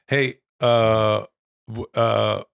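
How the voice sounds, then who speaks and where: A middle-aged man co-hosting a podcast, telling loud, profane stories with bursts of excitement. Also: lowish voice, very slow, gravelly, clean tone, no room sound, studio quality. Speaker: podcast co-host. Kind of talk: casual podcast chat.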